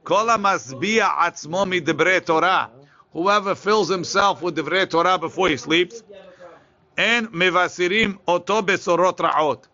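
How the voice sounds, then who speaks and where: A man teaching a Talmud class, reading the source text quickly and then explaining it in a casual way. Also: high-pitched, bright, forceful tone. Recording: lo-fi, muffled recording.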